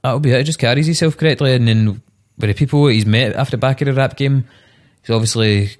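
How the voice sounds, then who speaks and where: A man's voice: medium pitch, fast talker, a little mellow. A Scottish man, a rapper, guesting on a podcast in laid-back, sweary chat full of "know what I mean".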